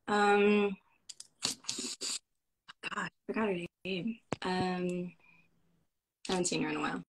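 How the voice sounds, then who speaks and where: Woman guest, mid-pitched, chatty, rambling, lots of fillers. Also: creaky, bright, forceful tone, low-quality recording. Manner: enthusiastic, rambling with fillers and restarts. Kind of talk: casual conversation.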